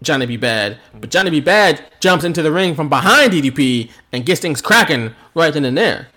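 A man co-hosting a casual podcast, telling the story with lots of energy and frequent laughs. His voice sits a little high for a man. It rises and falls a lot as he talks. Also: expressive, fairly quick, pushed and bright. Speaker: podcast co-host.

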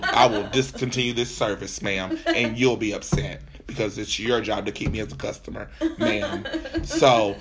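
A man telling a comic, profane, exasperated story in casual talk as a host. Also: medium pitch. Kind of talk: comedic storytelling rant.

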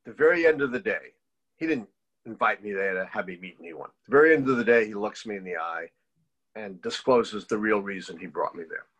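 Animated older man telling a story. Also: fairly low pitch, brisk, slightly rough, poor audio. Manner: animated storyteller who acts out quoted voices. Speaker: guest, political historian. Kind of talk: storytelling interview.

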